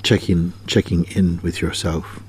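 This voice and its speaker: Husky low-voiced man teaching. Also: little pitch movement, measured pace, a little mellow. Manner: questioning, repeats phrases, acts out quoted people. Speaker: spiritual teacher. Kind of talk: spiritual talk to an audience.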